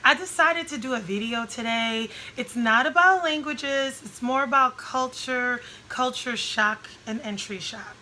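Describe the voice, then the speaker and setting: A woman vlogging casually to camera, frank and emphatic with rambling asides, her voice slightly hoarse and a little short of breath. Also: a little high, measured pace, hardly any pauses, pushed and bright, a little hiss or hum, rough recording.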